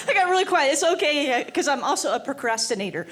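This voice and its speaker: A woman doing self-deprecating stand-up comedy, giggling between jokes. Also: sits high. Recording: noisy club recording.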